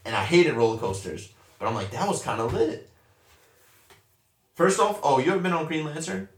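Profane young man telling an animated story. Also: a little high, moderate pace. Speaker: storyteller in casual chat. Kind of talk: casual chat. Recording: roomy echo, a bit far from the mic.

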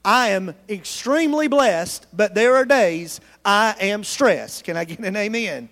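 A man's voice: high voice, expressive, unhurried, fairly bright tone, big-room sound. A man from the United States preaching a sermon in a church, earnest and calling out to his congregation. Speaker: pastor. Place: church sanctuary.

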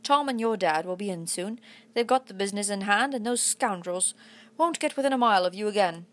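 A woman's voice: medium pitch, animated, a little fast, fairly bright tone, natural voice. A woman with a put-on English accent voicing a farm mother who speaks cheerfully and decisively to comfort her son. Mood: reassuring. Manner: cheerful, decided, soothing.

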